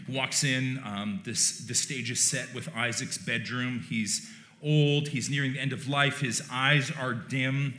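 A male pastor preaching a sermon in a relaxed, conversational way, with wry joking asides. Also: mid-range voice, a little slow. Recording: roomy church echo.

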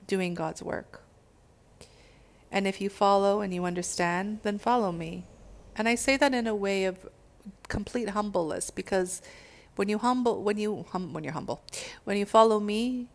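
A woman's voice: medium pitch, moderate pace. A woman giving a casual spiritual talk to her followers, urging and swearing freely as she speaks. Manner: profane, exhortative, laughs at own words.

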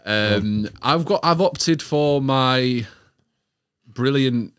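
A man's voice: medium pitch, expressive, drawn-out words, clean tone, no echo, studio quality. A young man telling a story in a laid-back way to friends, chuckling as he goes. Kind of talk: casual storytelling among friends.

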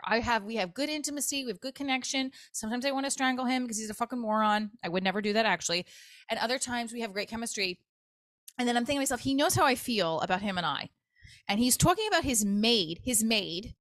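A woman's voice: a little high, lively intonation, fairly quick, a bit bright, no echo. A middle-aged woman hosting her own comedy podcast, venting in a candid, profane, exasperated storytelling manner.

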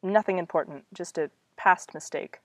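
Woman reading young male swordsman, nervous, evasive, hesitant, lowish, dry. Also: moderate pace, dry recording, close to an everyday voice. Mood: guarded.

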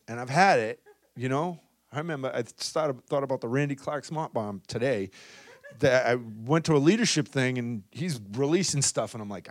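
A man preaching a charismatic sermon, swinging between loud exhortation and soft, intimate asides, often adding "come on" and "right?". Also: a little high, no echo, clean studio sound. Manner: peppers talk with "come on" and "right?".

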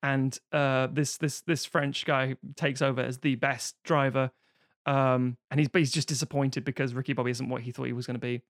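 A man in casual film review chat who swears freely and jumps into sudden high voices to act out quotes. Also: level tone, moderate pace, dry recording, studio quality.

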